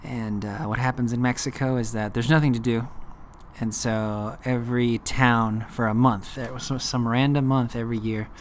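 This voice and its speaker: A man's voice: medium pitch, steady tone, moderate pace, a little hiss or hum. A young man from California casually telling a story about himself, self-deprecating and rambling with fillers.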